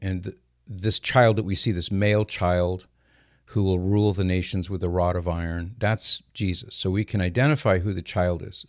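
A man's voice: low voice, no echo, studio quality. A man in his sixties hosting a call-in radio show, telling stories with energy and explaining answers step by step. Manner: lively storyteller, explains step by step. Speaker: radio host answering callers.

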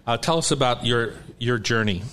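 Bright-voiced male radio host. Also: mid-range voice, moderate pace, slight background noise. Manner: loose, filler-heavy delivery. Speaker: radio cooking show host. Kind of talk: radio talk show hosting.

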